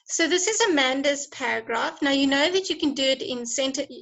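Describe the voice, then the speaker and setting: Bright, high-voiced encouraging woman teacher. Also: animated, a little fast, vocal fry, low-quality recording. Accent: South African. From South Africa. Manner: encouraging, chatty, laughs often. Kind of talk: online class lesson.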